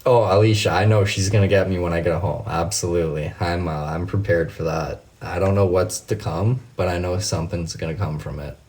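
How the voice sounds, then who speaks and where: A man hosting a late-night livestream in a very low, deep voice. He chats loosely with viewers, laughs a lot and swears without a second thought. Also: steady tone, fairly quick, few pauses, darkish tone. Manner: chatty, laughing, swears freely, reads out viewer comments. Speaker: livestream host.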